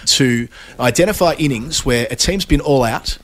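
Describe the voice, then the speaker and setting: Australian man, Melbourne accent, podcast host, casual rambling talk, mid pitch. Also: normal speed.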